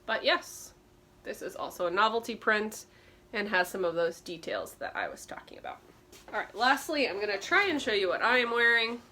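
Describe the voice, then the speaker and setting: A woman's voice: medium pitch, sing-song, normal speed, bright, forceful tone. A woman vintage clothing reseller giving a chatty show-and-tell tutorial, explaining details with frequent ums.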